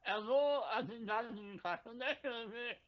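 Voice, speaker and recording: A man's voice: very high voice, moderate pace, pitched above the performer's own voice. A man voicing a male customer service agent with a put-on Indian accent, who keeps repeating his greeting and never hears the caller. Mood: chirpy, oblivious. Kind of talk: comic improv bit on a stream. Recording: dull lo-fi sound.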